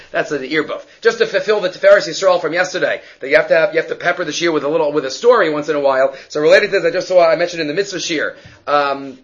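On a muffled, lo-fi recording, a man with a high voice teaches a daily Torah class as a Talmud teacher. He's animated, voicing characters in his stories and sprinkling in Hebrew terms.

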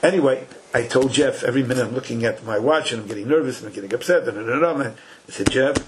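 There's a faint hiss or hum behind this medium-pitched, fast male voice. An older man runs a Torah class in easygoing English thick with Hebrew and Yiddish terms, spinning lively, folksy tales full of asides.

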